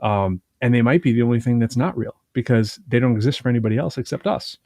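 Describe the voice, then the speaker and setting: A man co-hosting a podcast, retelling a show in a rambling, animated way full of fillers and restarts. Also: medium pitch, fast, dry recording, studio quality. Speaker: podcast co-host. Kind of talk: casual conversational chat.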